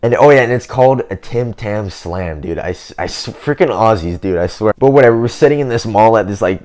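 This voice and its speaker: A man's voice: on the low side, lively intonation, a little fast, darkish tone. A young man in a casual vlog monologue, rambling and slangy, filling his talk with "man" and "dude". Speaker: self-improvement vlogger.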